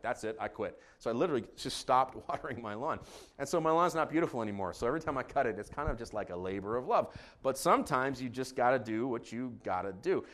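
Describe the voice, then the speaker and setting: Middle-aged guy pastor preaching, jokey and animated, pitch all over the place. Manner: animated, joking, shouts in acted bits. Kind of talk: sermon.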